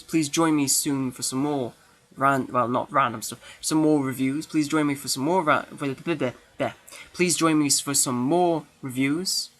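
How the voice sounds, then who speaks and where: A man's voice: mid-range voice, fairly bright tone, poor audio. A man giving a casual spoken film review, rambling and correcting himself with frequent ums.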